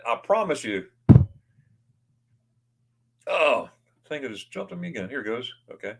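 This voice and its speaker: Man, livestream host, casual chat, rambling, reads comments, desk mic, mid pitch. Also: sing-song, moderate pace, long pauses, fairly bright tone, slight background noise. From United States. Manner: chatty, rambling, reads viewer comments aloud. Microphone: new desk microphone.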